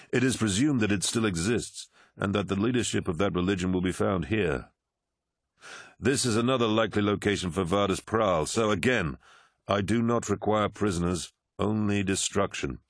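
A man voicing a towering male warlord commander in an audiobook, speaking in a cold, measured, commanding way. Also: lowish voice, no room sound, clean studio sound, pitched above the performer's own voice. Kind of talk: audiobook character voice.

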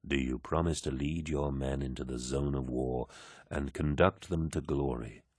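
A commanding, towering warlord with a calm, paternal hand, speaking softly and slowly, as a male audiobook narrator puts him on. The voice sits extremely deep and close, with a dry, dead sound around it. Every word is measured and low. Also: breathy edge, dry recording, full character voice. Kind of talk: audiobook character voice.

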